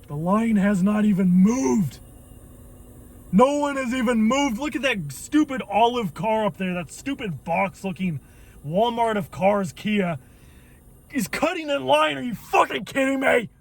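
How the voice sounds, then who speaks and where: A man's voice: high-pitched, lively intonation, unhurried. A man vlogging from his car in a waiting line, grumbling and swearing in irritated rants. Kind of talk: ranting car vlog.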